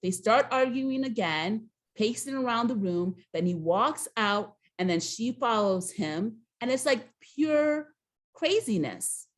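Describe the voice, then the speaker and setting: A woman co-hosting a casual recap show, telling the story with lively, acted-out dialogue. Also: a little high, unhurried. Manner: animated storyteller, acts out quoted dialogue.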